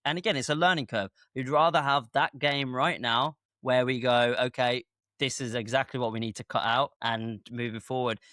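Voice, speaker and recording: Male podcast co-host, resonant smooth voice, measured and reasoning, dry close mic. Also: mid-range voice, steady tone, pushed and bright, dry recording. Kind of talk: casual football chat.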